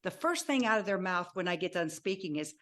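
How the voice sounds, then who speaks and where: A woman in her sixties, a podcast guest telling her life story in an animated way and acting out remembered dialogue. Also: on the low side, a little fast. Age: 60s. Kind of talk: personal storytelling.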